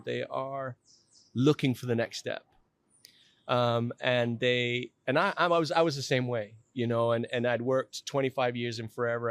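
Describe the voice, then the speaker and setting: A man's voice: medium pitch, creaky, no echo. A middle-aged man telling his own story in a podcast interview, candid and self-deprecating, often restarting his sentences.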